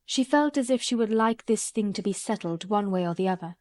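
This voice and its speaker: A woman reading a classic novel aloud as an audiobook narrator, in a calm, measured storytelling manner. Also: mid-range voice, no echo, studio quality. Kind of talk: scripted narration.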